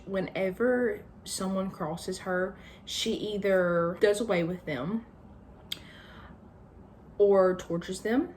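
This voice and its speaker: Brief: chatty woman, low-ish voice, casual plot summary, lots of "like" and "I think". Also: darkish tone, slight background noise. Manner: chatty, hedging with fillers. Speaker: book channel host.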